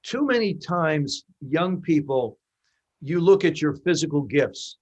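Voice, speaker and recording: Older man telling animated stories. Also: fairly high pitch, takes it slowly, breathy edge. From New Jersey, US. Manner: animated anecdotes with acted-out dialogue. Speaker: interview guest. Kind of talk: conversational storytelling.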